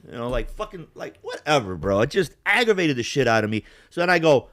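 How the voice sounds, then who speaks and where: A middle-aged man from Yugoslavia tells a story in loose, profane chat, his pitch jumping all over as he acts out each side of an argument. The sound is dry and close. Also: brisk, dry recording. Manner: animated, profane, acts out both sides of a phone call. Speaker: podcast co-host.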